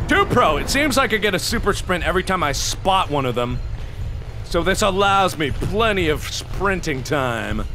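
A man voicing let's-play commentary who swings wildly up and down in pitch and bursts into shouts as he taunts the game. His voice sits high for a man, and clear background noise runs under the recording. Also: moderate pace. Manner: excitable, taunting, shouts and mock drama. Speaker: gaming commentator.

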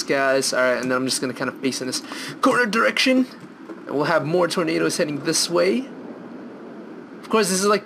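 A young man commentating on a video game from his room at home, excitable and rambling, now and then breaking into snatches of song. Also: medium pitch, background noise. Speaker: gameplay commentator. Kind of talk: gameplay commentary.

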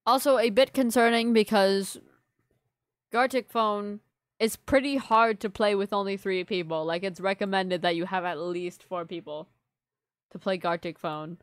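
A young woman chatting to her stream audience at a desk mic, rambling on and apologizing often as she works through things. Her voice sits at an ordinary middle pitch, and the sound is close and dry with no room echo. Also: normal speed. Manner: rambling, apologetic, filler-heavy. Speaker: livestreamer. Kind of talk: casual live-stream chat to viewers.

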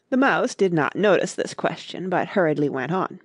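A woman narrating a classic storybook in a clear, measured reading. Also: fairly low pitch, big pitch swings, no room sound, studio quality. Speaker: audiobook narrator.

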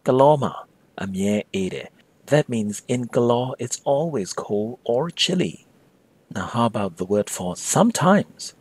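A man teaching a language lesson as an instructor, repeating example phrases slowly and carefully. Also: medium pitch, animated, darkish tone, breathy edge.

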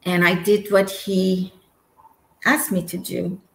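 A woman from Egypt in her forties, telling her personal near-death story as an interview guest, earnest and searching, with quick giggles and restarts. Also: on the low side, flat delivery, gravelly, reverberant, poor audio. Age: 40s. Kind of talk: emotional personal testimony.

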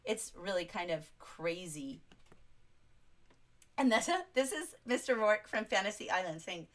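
An enthusiastic woman leads a live English class on a short story. She reads passages aloud and talks back to her viewers' chat in a chatty, excited way. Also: mid-range voice, a little slow, long pauses. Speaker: English teacher. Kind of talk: livestreamed literature lesson.

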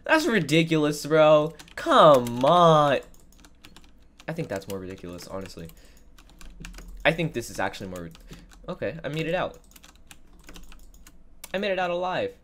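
A woman with a low, nasal voice, stuffed up from being sick, talks her way through a game. Her commentary is sarcastic and full of mock complaints. Her pitch swings widely as she exclaims. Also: sing-song, normal speed, long pauses, slight background noise. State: sick, congested. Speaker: gaming video creator. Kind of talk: gameplay commentary.

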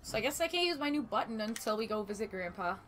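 A woman streaming a video game, chatting casually, swearing freely and breaking into sudden loud exclamations. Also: fairly high pitch, lively intonation, rapid-fire, slight background noise. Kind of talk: casual gaming commentary.

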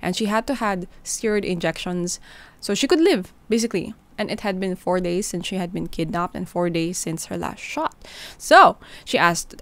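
A woman's voice: fairly low pitch, moderate pace. Chatty Filipino woman telling a crime story. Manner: chatty, code-switching, animated. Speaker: true crime podcast host. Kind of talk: casual storytelling narration.

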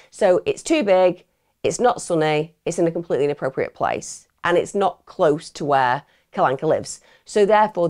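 A woman's voice: lowish voice, a little mellow. A woman hosting true crime commentary, blunt, opinionated and conversational. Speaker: true crime channel host.

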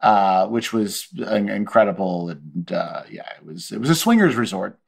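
A man's voice: lowish voice, moderate pace, creaky. A man in his forties, a guest on a casual podcast chat, telling comedic stories and acting out the voices of the people in them. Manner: animated storyteller who acts out quoted voices.

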